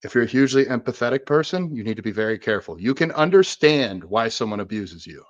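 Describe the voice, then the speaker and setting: A man's voice: medium pitch, expressive, quick pace, dull audio. A man co-hosting a podcast, talking casually and searching aloud for examples as he rambles. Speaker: podcast co-host.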